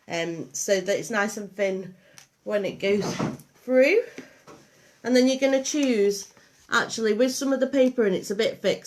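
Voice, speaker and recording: Brief: woman, Liverpool-Lancashire accent, unhurried craft tutor, rambles and restarts, mid-height voice. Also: mid-range voice. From Liverpool and Lancashire, England. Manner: chatty, meandering, many ums and restarts. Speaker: craft workshop host. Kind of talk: live craft demonstration.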